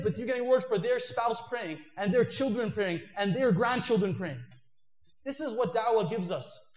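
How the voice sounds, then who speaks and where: A young man giving an animated talk to an audience, acting out imagined conversations. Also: extremely high pitch, echoey room. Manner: animated, acts out imagined dialogue. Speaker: Islamic speaker.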